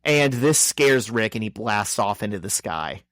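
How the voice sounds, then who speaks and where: A man's voice: lowish voice, expressive, a bit bright, dry recording. A man co-hosting a podcast, recapping a comic book in a wry, joking way and briefly voicing the characters. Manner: wry, joking summary with quick voices for characters. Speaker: podcast co-host. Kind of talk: casual chat recapping a comic.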